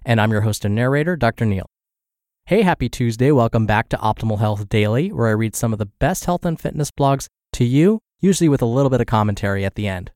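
A man's voice: mid-range voice, fast talker, few pauses, dry recording, clean studio sound. A man hosting a health podcast, reading a blog post aloud while congested and scratchy from the flu. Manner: steady, informative reading. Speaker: podcast host and narrator.

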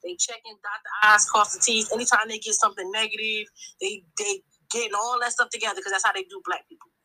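A woman's voice: mid-range voice, fairly even intonation, fast talker, bright, forceful tone, low-quality recording. A woman calling in to a talk show, speaking in a long-winded, emphatic way and often restarting her sentences. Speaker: caller. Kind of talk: impassioned call-in commentary.

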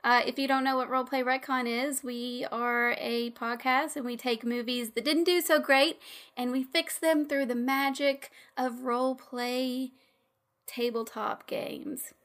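Bubbly high-voiced woman podcast host. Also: fairly even intonation, unhurried, a bit bright. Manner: bubbly, laughs often. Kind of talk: casual podcast chat.

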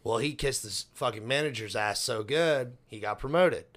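A man's voice: medium pitch, normal speed, a bit bright. A young man co-hosting a podcast, telling a work story bluntly and swearing freely in casual chat. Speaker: podcast co-host.

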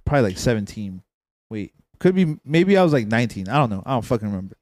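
A man's voice: fairly low pitch, big pitch swings, fast talker, darkish tone, no echo, studio quality. A young man co-hosting a podcast, telling a rambling story among friends, full of slang and swearing. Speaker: podcast co-host.

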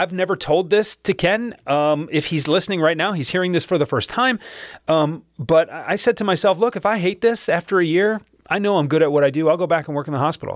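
A man's voice: fairly high pitch, no echo, clean studio sound. A man telling a personal story to listeners in a conversational way, acting out remembered dialogue.

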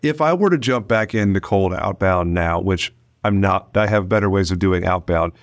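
A man hosting a podcast in casual conversation, acting out sales calls in quick mock voices. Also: low-pitched. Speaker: podcast host.

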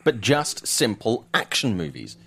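A man's voice: medium pitch, very animated, unhurried, vocal fry, bright, forceful tone, husky. A man co-hosting a casual movie chat, enthusiastic and stumbling over his first words. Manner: enthusiastic, repeats words when starting. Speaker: podcast co-host.

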